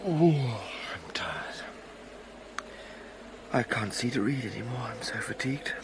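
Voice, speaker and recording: A man's voice: mid-range voice, expressive, a little slow, noisy background. An actor playing a nervous young male scholar alone at night, talking to himself and easily spooked. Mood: weary.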